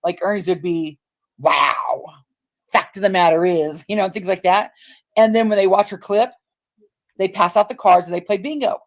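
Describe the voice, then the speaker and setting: A woman rants about people on a livestream. Her voice sits at a middle pitch, and she swears freely. She mocks the people she talks about by acting out their words. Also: brisk, a little mellow. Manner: profane, mocking, acts out quotes. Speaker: livestream co-host. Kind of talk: casual ranting chat.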